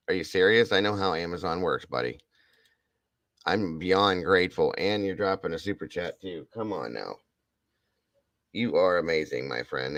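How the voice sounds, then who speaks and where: Livestream host, male, very low voice, gushing and heartfelt, close dry mic. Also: a bit bright, no room sound. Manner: emotional, effusive, repeats thanks and praise. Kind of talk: casual livestream chat thanking viewers.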